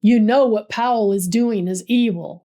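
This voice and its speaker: A woman's voice: mid-range voice, a little slow, warm tone, close to an everyday voice. A woman voicing a guilt-ridden young male preacher and leader, speaking in an earnest, pleading way. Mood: guilty.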